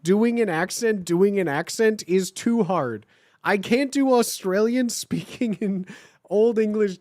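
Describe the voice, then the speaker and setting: A woman's voice: mid-range voice, darkish tone, no room sound, clean studio sound. A woman streamer reading fan fiction aloud live, breaking off into self-mocking, laughing, apologetic asides.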